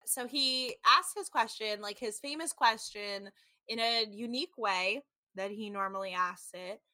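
A woman in her thirties with a mid-range voice speaks at a measured pace, with no room sound. She's a podcast co-host casually recapping a reality show, telling stories animatedly, saying "like" constantly and acting out quotes.

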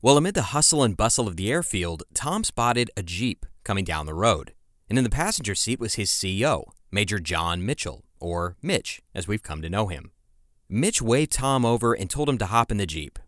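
A man with a lowish voice narrates a history podcast in a relaxed, conversational way, slipping casual asides into the scripted telling. The recording is close and dry, with no room sound. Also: normal speed, no echo. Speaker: podcast host.

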